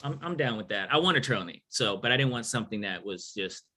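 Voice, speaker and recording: A man's voice: lowish voice, expressive, fast talker, sharp tone, slight background noise. A middle-aged man from New York City telling a story casually in a Q&A, joking and acting out the voices of people he quotes. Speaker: author and thru-hiker guest.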